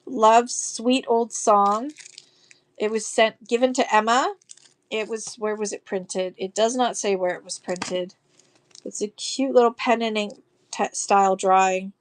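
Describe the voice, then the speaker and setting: A woman's voice: medium pitch, steady tone, measured pace. A woman selling vintage postcards on a live stream, gushing over each card and reading verses aloud in a chatty way. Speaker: live online auction seller.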